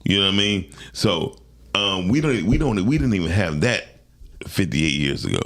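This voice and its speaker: A man's voice: deep voice, animated, moderate pace, fairly bright tone. A man co-hosting a talk show, arguing his points emphatically in casual chat and swearing freely. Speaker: co-host.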